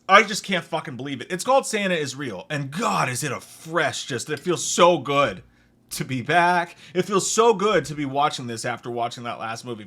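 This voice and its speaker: A man's voice: on the high side, breathy edge. A young man hosting a comedic movie review, ranting with heavy swearing and mocking impressions of the characters. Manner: profane, animated, mocking impressions.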